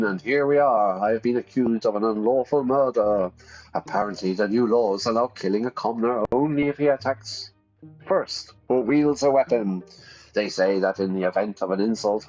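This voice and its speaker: A man's voice: mid-range voice, darkish tone, lo-fi sound, close to an everyday voice. A man voicing an arrogant young nobleman, pompous and indignant, while reading a game aloud.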